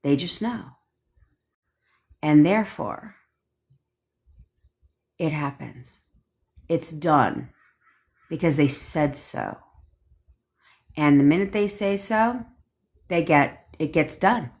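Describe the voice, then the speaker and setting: A woman's voice: sits low, lively intonation, slow pace, pauses often, a little mellow. Blunt, swearing woman coach. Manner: blunt and commanding, swears often. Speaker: manifestation coach. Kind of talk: livestream pep talk. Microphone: phone.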